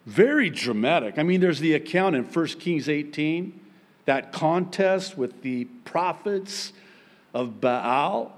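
A pastor delivers a sermon, telling the story with animation and acting out the voices of its characters. His fairly high-pitched voice moves slowly, and long hall reverb fills the recording.

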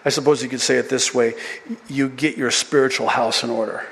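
Pastor preaching in a reverberant hall. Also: male voice, fairly quick, slightly rough. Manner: animated, climbs high and loud when excited. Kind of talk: sermon. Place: church sanctuary during a service. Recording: long reverb of a church hall.

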